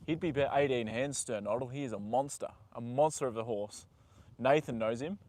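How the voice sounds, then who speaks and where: A young man live-streaming from a horse paddock, chatting with viewers and talking softly to his horse. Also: mid-range voice, fairly quick. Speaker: livestream host. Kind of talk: casual live stream chat.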